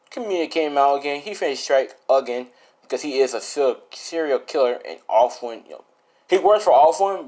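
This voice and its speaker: A man's voice: mid-range voice, a little mellow. Rambling young man telling a fan story. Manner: rambling, casual, swears a lot, many fillers. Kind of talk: improvised fan-fiction storytelling.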